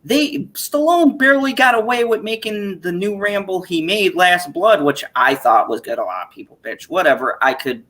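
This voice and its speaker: A man in his thirties hosting a casual chat stream, animated and profane, laughing often as he talks. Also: high voice, normal speed, few pauses. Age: 30s. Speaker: stream host.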